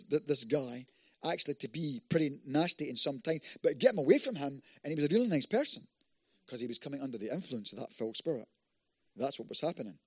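A man preaching a sermon, telling a personal story in a conversational way that builds to loud, emphatic passages. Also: a little high, slightly rough, no room sound, clean studio sound. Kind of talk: sermon testimony.

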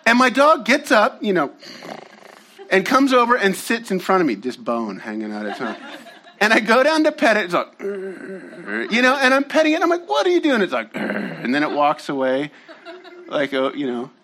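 High-voiced, animated male pastor. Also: normal speed, a little hiss or hum. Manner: animated, casual storytelling with slangy asides to the audience. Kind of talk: sermon.

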